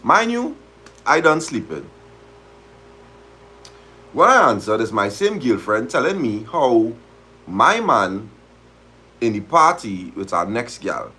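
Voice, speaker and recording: Animated husky man. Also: medium pitch, slow pace, long pauses. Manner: animated, dialect-heavy, laughs at the story. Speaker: host of a live talk stream. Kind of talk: reading a story aloud and reacting, casual.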